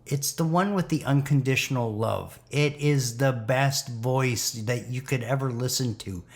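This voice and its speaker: A man talking in a rambling spiritual monologue, laughing now and then and sometimes dropping to a whisper. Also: on the low side. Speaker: video host.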